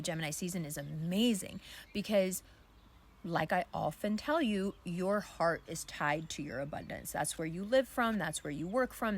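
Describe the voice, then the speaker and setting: A woman's voice: lowish voice, breathy edge. A woman giving a casual, candid astrology card reading outdoors, talking loosely with plenty of fillers and the odd swear word.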